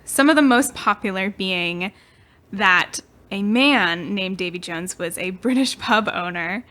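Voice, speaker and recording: A woman's voice: medium pitch, a little slow, sharp tone. Chatty young woman podcast co-host. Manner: chatty, giggly, trails off mid-sentence. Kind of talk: casual storytelling chat.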